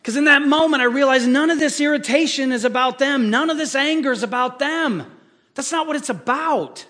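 A male pastor preaching a sermon in an animated, conversational way, often asking the congregation rhetorical questions. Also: very high voice, a little fast.

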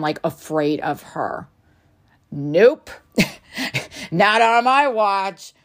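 A woman hosting her own podcast talks through a personal story in a loose, chatty way, filling her sentences with "like". Her voice sits a little low, and she takes her time. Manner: chatty, frequent "like" fillers, laughs between lines. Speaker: podcast host. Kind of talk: casual storytelling monologue.

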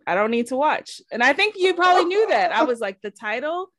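A woman's voice: high voice, a little fast, no room sound, clean studio sound. A woman hosting a podcast in casual chat, telling stories with lots of laughter and acted-out quotes. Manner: animated storyteller, laughs often, acts out quotes. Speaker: podcast host.

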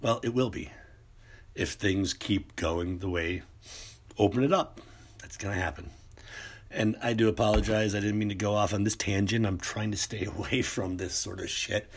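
Husky guy ranting on his vlog, slow and lowish, swears a lot and rambles. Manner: rambling, profane, with many restarts and fillers. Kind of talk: casual monologue rant.

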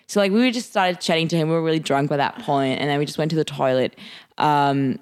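A young woman from Germany co-hosting a podcast, telling stories in casual chat and acting out quotes with big pitch jumps. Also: quick pace, clear, resonant tone. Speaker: podcast co-host.

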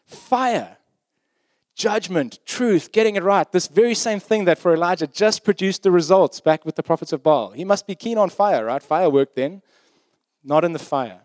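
A man's voice: high voice, expressive, normal speed, a little mellow, no echo. A man preaching a sermon in a conversational, emphatic way, often checking in with his listeners.

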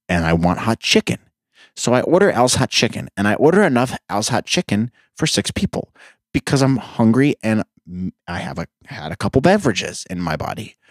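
A man's voice: lowish voice, no room sound, clean studio sound. A young man hosting a podcast, telling rambling, profane, self-mocking stories in a sarcastic casual monologue. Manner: sarcastic storyteller. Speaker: podcast host.

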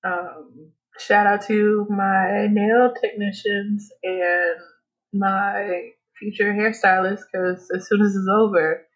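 Blunt cussing woman chatting on a podcast, husky voice, kinda dull lo-fi sound. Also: medium pitch, level tone, slow pace. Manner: blunt, profane, laughs often. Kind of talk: casual chat. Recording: dull lo-fi recording.

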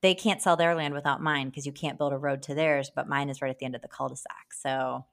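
A woman co-hosting a podcast in casual chat, animated and swearing freely as she jumps between topics. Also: a bass voice, brisk. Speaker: podcast co-host.

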